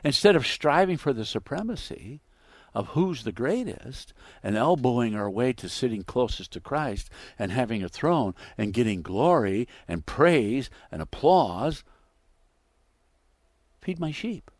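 A man preaching a sermon, acting out the quoted dialogue with big swings between loud and hushed delivery. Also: mid-range voice, expressive, moderate pace, no echo. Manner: dramatic, acts out quoted dialogue with wide swings in loudness.

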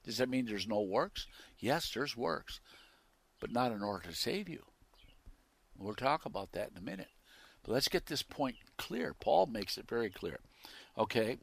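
A man preaching a sermon who swings from loud, emphatic declarations to quiet asides and reads scripture with rising intensity. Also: mid-range voice, sing-song, moderate pace, vocal fry, pauses often, breathy edge, no echo.

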